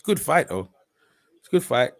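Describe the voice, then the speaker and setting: A man hosting a stream provides live boxing commentary in a medium-pitched voice at normal speed, recorded dry. He's slangy and conversational, getting loud and excited when heavy punches connect.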